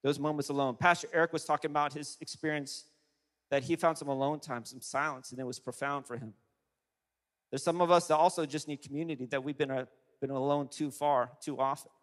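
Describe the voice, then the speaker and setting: A male pastor preaching a sermon to a congregation, animated and emphatic, with frequent restarts. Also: on the high side, fairly quick. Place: large church hall. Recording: long hall reverb.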